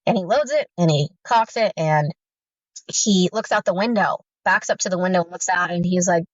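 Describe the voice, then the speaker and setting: A woman recounting her own story in earnest personal testimony, halting, with frequent fillers and restarts. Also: fairly low pitch, fairly even intonation, no room sound. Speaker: guest survivor recounting abuse. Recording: muffled, dry recording.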